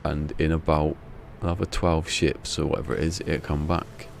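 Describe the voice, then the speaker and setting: A man's voice: normal speed, vocal fry, faint music behind. A man streaming a game, chatting casually and rambling through stories with frequent chuckles. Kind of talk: casual chat while gaming. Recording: steady rumble behind the voice.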